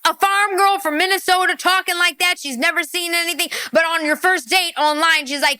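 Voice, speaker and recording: A woman hosting a reaction commentary, exasperated and animated, often laughing. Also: very high-pitched, brisk, few pauses, no room sound. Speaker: reaction host.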